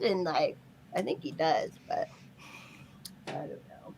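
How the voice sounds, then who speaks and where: A woman's voice: fairly high pitch, animated, normal speed, a bit bright, slight background noise. A woman chatting casually on a group stream, ranting with frustration and mocking people she quotes. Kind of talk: casual chat.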